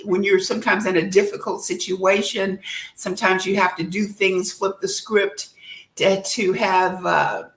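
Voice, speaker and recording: A woman life coach sharing a personal testimony in a virtual discussion, an animated storyteller who laughs often and acts out what people said. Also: mid-range voice, unhurried, reverberant, low-quality recording. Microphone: video call.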